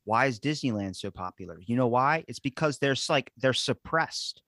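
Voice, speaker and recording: A man hosting a podcast, telling stories in an animated way and swearing freely in casual chat. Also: mid-range voice, moderate pace, no room sound, studio quality. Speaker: podcast host.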